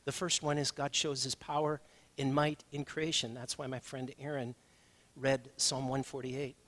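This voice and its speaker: A man's voice: mid-range voice, flat delivery, normal speed, fairly bright tone. A male pastor preaching a conversational sermon, building to emphatic questions.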